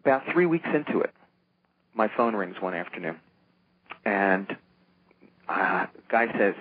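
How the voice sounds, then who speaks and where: An older man who produces comic books tells stories in a casual interview, acting out the voices of the people he quotes. His voice is lowish and measured, with frequent pauses. The recording is dry, with a tinny phone-line sound and faint noise.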